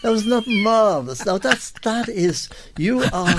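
An older Irish man with a high, expressive voice speaks a little slowly as a guest in a radio interview. He tells rambling anecdotes full of restarts, and the recording is very noisy.

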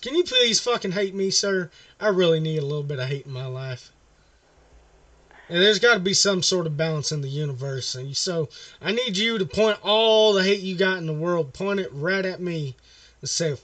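Guy prank calling, rambling and cussing, highish voice, dry close sound from a bit off the mic. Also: expressive, normal speed, fairly bright tone, no echo, far from the mic. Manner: rambling, profane, mock-friendly. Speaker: prank caller. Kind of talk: prank phone call.

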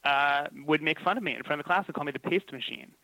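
Bright, lively man telling jokes. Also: fairly high pitch, fast, no echo, low-quality recording. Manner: self-deprecating, laughs often. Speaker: podcast guest, TV writer. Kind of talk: casual comedic conversation.

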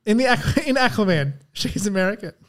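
A man's voice: high voice, lively intonation, fast talker. A man co-hosting a podcast in casual chat, swearing a lot and laughing often. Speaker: podcast co-host.

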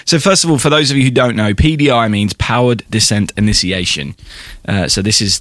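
A man's voice: lowish voice, fairly bright tone, dry recording. A man co-hosting a podcast, explaining things in an enthusiastic, casual way with frequent restarts. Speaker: podcast co-host. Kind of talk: casual conversational podcast chat.

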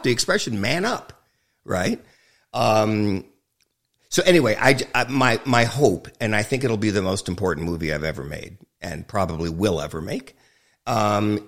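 A man's voice: on the low side, vocal fry, fairly bright tone. A man, a film director, talking frankly and emphatically as a guest in an interview, swearing freely and joking. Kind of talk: candid interview conversation.

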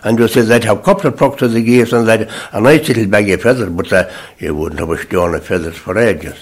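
An older man reminiscing in a rambling, conversational way about country life, often trailing off softly at the ends of phrases. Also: fairly low pitch, fast talker. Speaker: interviewee recalling rural life.

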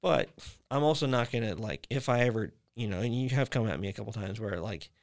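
A man's voice: fairly low pitch, brisk, vocal fry. A young man hosting a podcast, talking about his faith in a rambling way, full of fillers and restarts. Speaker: podcast host. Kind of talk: casual faith chat.

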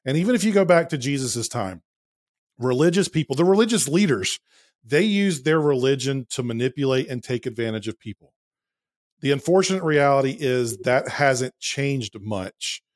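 A man who works with churches, speaking on a faith podcast in a steady, deliberate and earnest way. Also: mid-range voice, dry recording. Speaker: church consultant, podcast guest. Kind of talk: measured faith podcast talk.

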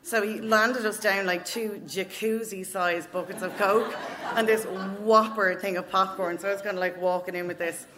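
A woman's voice: mid-range voice, steady tone, normal speed, a crowd in the background. A woman in her thirties with an Irish accent, telling a funny story at a live open mic night, frank and swearing freely. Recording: noisy live venue recording.

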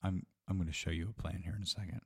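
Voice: deep voice, steady tone, very fast, gravelly, slightly rough. A laid-back podcast co-host in casual, teasing chat.

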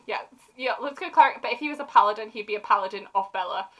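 A woman chatting casually as a podcast co-host, her voice sitting a little high. She talks in an animated, playful way. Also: highs cut off. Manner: animated, acts out quick silly voices. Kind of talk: casual chat.

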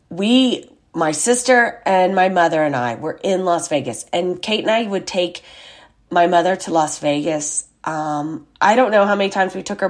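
A woman hosting a podcast, telling a rambling personal story in a chatty, casual way with lots of fillers and asides. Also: on the low side. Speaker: podcast host.

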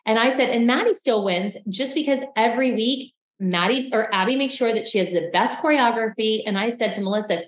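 A woman with a fairly high voice recaps events for a podcast, talking casually and acting out other people's lines. The room around her is echoey. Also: fairly quick, few pauses. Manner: animated storytelling, acting out quotes. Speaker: podcast co-host.

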